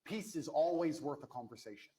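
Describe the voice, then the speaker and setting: High, lively man arguing heatedly. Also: brisk, poor audio. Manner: forceful, indignant, repetitive. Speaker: interview guest. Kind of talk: heated debate.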